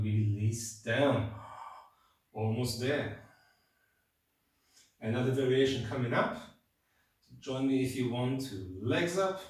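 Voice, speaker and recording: A man leading a yoga class, calmly cueing each move and counting down the holds, slightly breathless as he demonstrates along. His voice sits at an ordinary middle pitch and is heard from a distance. It rings around a very echoey room. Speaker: yoga instructor. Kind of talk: guided yoga class instruction. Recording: very echoey room, mic far off.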